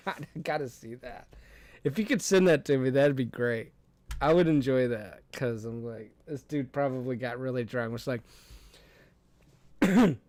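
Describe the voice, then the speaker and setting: A man's voice: mid-range voice, no echo. A young adult man hosting a livestream, rambling and cursing, laughing often as he reads and answers chat. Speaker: streamer host.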